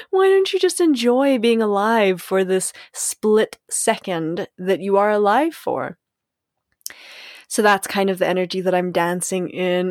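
A woman's voice: medium pitch, expressive, a little slow, no echo, studio quality. A young woman hosting a podcast alone, talking casually in a playful, giggly way, full of likes and you knows. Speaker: podcast host. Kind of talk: casual solo podcast monologue.

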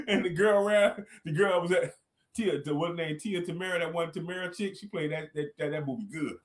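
A man's voice: fairly high pitch, brisk. Echoey laid-back slangy man. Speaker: guest. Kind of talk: casual chat.

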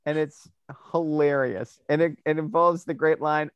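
An opinionated man weighs in on a casual chat, stumbling over his first words before pushing his argument. His voice is slightly high and sounds dry and close. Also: normal speed, smooth, no echo, lo-fi sound. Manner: animated, opinionated, stammers into points. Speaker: podcast co-host. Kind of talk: casual discussion.

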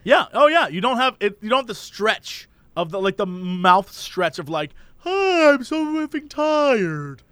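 A man with a high, lively voice chats on a podcast, playful and quick with jokes. His pitch swings widely as he mugs through bits. The recording is close and dry. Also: no echo. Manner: animated, jokey, puts on voices for bits. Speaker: podcast co-host. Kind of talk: casual chat.

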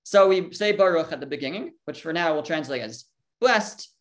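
A teacher works through a Torah lesson out loud. The talk moves from question to answer, stopping to translate Hebrew terms along the way. The voice sits at a middle pitch. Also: animated, normal speed. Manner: thinks aloud, poses questions and answers them.

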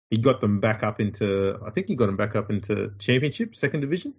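A man's voice: fairly low pitch, expressive, fairly quick, breathy edge, dull audio. A man with an Australian accent co-hosting a podcast in blunt, profane casual sports chat. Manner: blunt and profane, mocking impressions. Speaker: podcast co-host.

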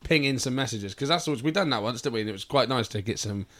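A man's voice: mid-range voice, fast talker, a bit bright. A man co-hosting a car podcast, bantering with his friends, swearing freely and drifting off topic. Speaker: podcast co-host. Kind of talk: casual chat.

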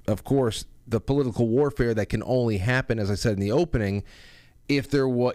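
A man hosting a political talk show, speaking deliberately and repeating his phrases as he builds points. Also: fairly low pitch, darkish tone, clear, resonant tone, no room sound, clean studio sound. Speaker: host.

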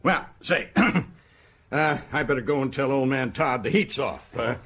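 An actor playing a boastful, folksy American prison governor in a radio drama, with an American accent. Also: male voice, mid-range voice, expressive, a little slow, fairly bright tone, husky, full character voice. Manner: boastful, folksy and self-satisfied.

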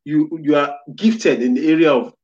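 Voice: medium pitch, moderate pace, a little mellow, highs cut off. A host on a video call, full of praise and exclamations, asking a guest questions. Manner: effusive, repeats wow and amazing. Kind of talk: casual interview.

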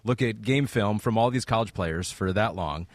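A man's voice: fairly low pitch, normal speed, dry recording. Easygoing Michigan man hosting a podcast. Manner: easygoing, teasing, steering the conversation. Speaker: podcast host. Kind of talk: casual sports chat.

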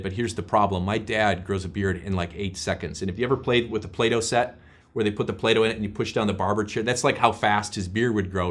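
A male pastor teaching a short devotional in an earnest, conversational way, with prayers. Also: fairly low pitch.

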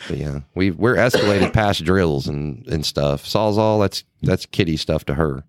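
A man's voice: sits low, a little slow, no echo. A man, co-hosting a podcast in casual, swearing storytelling chat. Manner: laid-back storytelling, swears freely. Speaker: podcast co-host.

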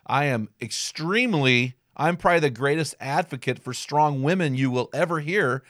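A man's voice: a little high, lively intonation, normal speed, a bit bright, no room sound, studio quality. A man hosting a podcast, talking conversationally and enthusiastically with his guest. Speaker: podcast host, men's ministry leader. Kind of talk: podcast interview.

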